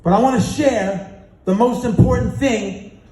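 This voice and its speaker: A man's voice: extremely high pitch, unhurried, warm tone. A man giving a motivational speech on a conference stage, telling a story with acted-out dialogue and call-and-response chants. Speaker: keynote speaker. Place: large conference hall on stage. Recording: echoey hall with music.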